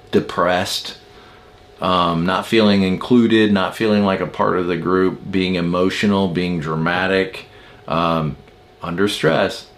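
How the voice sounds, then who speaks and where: A man teaching the Enneagram in an informal, emphatic way, with many rhetorical questions to his viewers. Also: deep voice.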